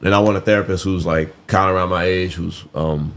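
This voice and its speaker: Deep-voiced laid-back man chatting. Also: steady tone, fairly quick, a bit bright. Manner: laid-back, candid, drawling storyteller. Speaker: podcast co-host. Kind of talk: casual chat.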